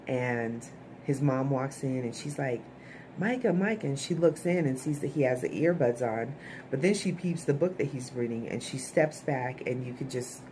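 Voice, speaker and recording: Chatting casually with her viewers, a woman who reviews TV shows recaps an episode and keeps checking in with "okay?" asides. Her voice is rumbling low and mellow, with a little hiss or hum in the audio.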